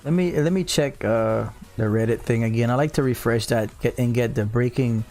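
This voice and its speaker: A man in his thirties livestreams from his South Louisiana home, his mid-range, darkish voice moving at normal speed over faint music. With a Cajun accent and a studio mic on a boom, he chats easily, reads the chat aloud, and drawls "y'all."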